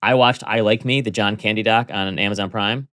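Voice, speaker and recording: Low-voiced man co-hosting a podcast. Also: steady tone, fairly quick, fairly bright tone, dry recording, studio quality. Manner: easygoing, enthusiastic about favorites. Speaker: podcast co-host. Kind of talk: casual podcast chat.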